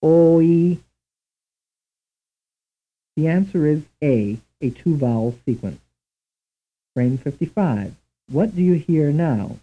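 A man reading a scripted language lesson in a slow, measured, deliberate way, on a tinny old tape recording. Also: a little high, animated, husky. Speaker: language instructor. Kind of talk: scripted programmed-lesson narration.

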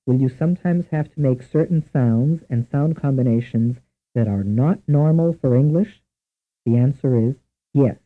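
A man narrating a scripted language lesson in a measured, deliberate way, posing each question and then stating the answer. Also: mid-range voice. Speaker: language instructor. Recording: tinny lo-fi old tape recording.

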